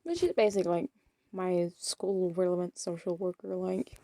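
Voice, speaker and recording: A woman's voice: fairly low pitch, normal speed, mellow, dry recording, studio quality. A young woman of eighteen, chatting in a rambling, self-deprecating way in a casual vlog. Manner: rambling, self-deprecating, often trails off into mumbles. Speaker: vlogger. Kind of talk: rambling casual vlog chat while playing a game.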